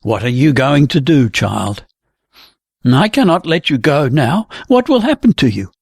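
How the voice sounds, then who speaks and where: Brief: reader doing an older storybook man, husky and insistent, speech rising and falling widely. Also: mid-range voice, sing-song, a little slow, a little mellow, dry recording, clean studio sound, voice pushed down, heavily acted. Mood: pleading. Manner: earnest, insistent pleading. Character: aging man, pleading and protective.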